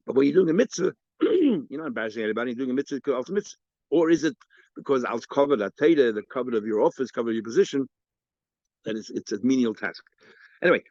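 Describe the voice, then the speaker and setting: A rabbi rattles through a Talmud class at great speed, circling back over his own words as he explains. The recording sounds muffled and lo-fi, with a dry, close room. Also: no echo. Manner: rapid, stop-start explaining with many repeated words and restarts; acts out the sages' exchanges with a raised, mocking pitch. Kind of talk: informal Talmud lesson. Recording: dull, lo-fi lecture recording.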